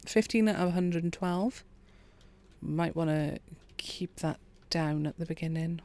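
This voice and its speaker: A woman, quietly commentating a farming game and chatting with her viewers. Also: on the low side, measured pace. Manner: quiet, relaxed, chats with viewers. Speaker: streamer. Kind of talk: calm gameplay commentary.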